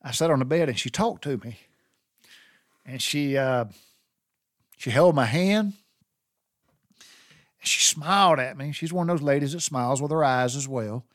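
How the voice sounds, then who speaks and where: A man's voice: medium pitch, moderate pace, long pauses, a bit bright, dry recording. Middle-aged Southern man, dry close sound, rambling heartfelt storyteller. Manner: rambling and heartfelt, with many restarts. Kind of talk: personal storytelling.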